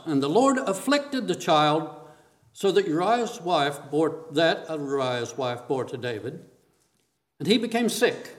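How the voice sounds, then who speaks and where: A man preaching a sermon, reading scripture aloud and asking questions of his listeners. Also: on the high side.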